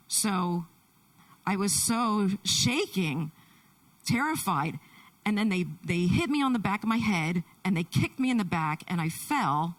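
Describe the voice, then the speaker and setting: A woman interpreter voicing a Deaf man's testimony in the first person, halting, with many restarts, in a church. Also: mid-range voice, lively intonation, far from the mic, low-quality recording. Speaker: sign language interpreter.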